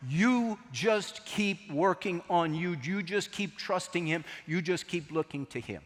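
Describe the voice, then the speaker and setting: A middle-aged man preaching a sermon, telling a story in an animated, joking way. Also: a little high, unhurried, hardly any pauses. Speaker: pastor. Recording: long echo of a large hall.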